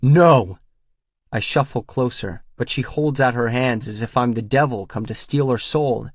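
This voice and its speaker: A man's voice: medium pitch, normal speed, no room sound. Male audiobook narrator, dry and intimate. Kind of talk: first-person romance audiobook narration. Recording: dull, lo-fi sound.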